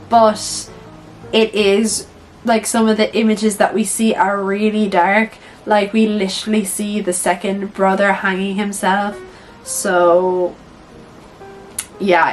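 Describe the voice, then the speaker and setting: Young woman, casual film-review chatter, mid-pitched voice, light music underneath. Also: poor audio. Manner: chatty, filler-heavy, swears freely. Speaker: vlogger reviewing films. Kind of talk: casual tier-list commentary.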